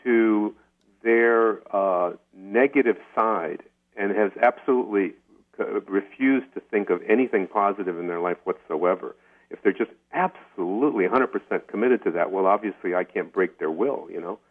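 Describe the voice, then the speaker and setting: Animated man on a tinny phone line. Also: on the low side, normal speed. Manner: animated storyteller, repeats words when excited. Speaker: podcast guest, documentary filmmaker. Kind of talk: casual interview talk.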